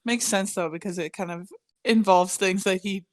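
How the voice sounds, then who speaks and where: A woman's voice: mid-range voice, steady tone, moderate pace, no echo. A woman co-host in casual chat, adding short remarks to the conversation.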